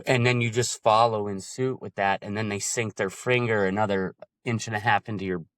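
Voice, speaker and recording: A man's voice: fairly low pitch, steady tone, normal speed, fairly bright tone, no echo, studio quality. A man in casual chat about coaching, explaining animatedly and acting out examples in different voices.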